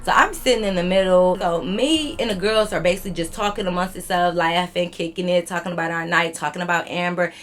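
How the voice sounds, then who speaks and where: A woman's voice: on the low side, brisk, few pauses, faint music behind. Chatty young woman rambling through a story. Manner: rambling, chatty, slangy, addresses viewers as y'all. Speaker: YouTube storyteller. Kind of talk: casual storytime vlog.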